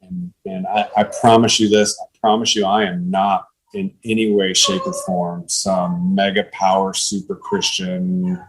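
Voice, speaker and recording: A man's voice: low-pitched, little pitch movement, measured pace, few pauses, slight background noise, poor audio. A man in his late thirties, a podcast guest, telling his faith story in an earnest, plain-spoken way over a call. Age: 30s. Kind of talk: testimony in casual conversation.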